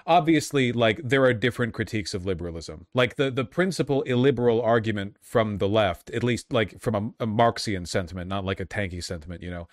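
A man's voice: lowish voice, fairly quick, hardly any pauses, no echo. A man giving casual, rambling commentary on a debate clip, full of dry sarcastic asides and filler words. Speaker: streamer reacting to a debate clip.

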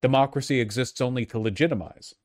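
A young man streaming political commentary, arguing his points with frequent restarts and sudden rises in pitch. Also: fast talker, heavy background noise. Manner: argumentative, restarts a lot, animated rises in pitch.

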